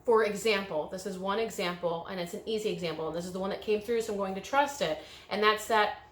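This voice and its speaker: A woman's voice: medium pitch, quick pace, reverberant, a little hiss or hum. A woman giving an emotional pick-a-card tarot reading, coaching viewers through a guided visualization. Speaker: tarot reader.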